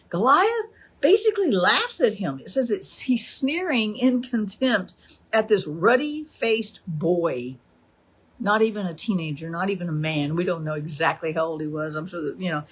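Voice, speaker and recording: A woman teaching a Bible study, retelling the story with animated energy and acting out the quotes. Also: fairly low pitch, a little hiss or hum. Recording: dull lo-fi recording.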